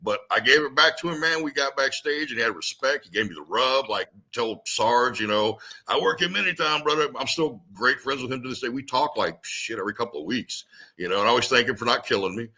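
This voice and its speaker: A man's voice: mid-range voice, brisk. A man telling blunt, salty wrestling stories in casual talk. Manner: blunt, salty, animated storyteller. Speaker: retired wrestler guest. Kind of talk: casual storytelling chat.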